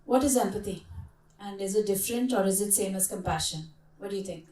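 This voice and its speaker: Her medium-pitched voice is brisk as she, a middle-aged workshop speaker, tells lively stories and quizzes the room. The interactive talk happens in a conference hall full of echo, with the mic placed far from her.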